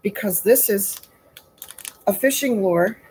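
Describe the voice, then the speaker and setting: A woman's voice: medium pitch, slow, a little mellow, a little hiss or hum, rough recording. A woman hosting a casual live baking stream from her home kitchen, chatty and folksy, greeting viewers by name.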